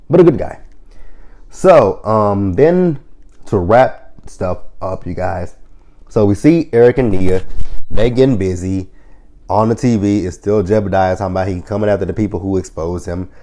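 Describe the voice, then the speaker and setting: Male reviewer with a deep, mellow voice and a goofy, foul-mouthed recap style. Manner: profane, goofy, animated retelling. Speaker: TV episode reviewer. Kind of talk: casual episode recap.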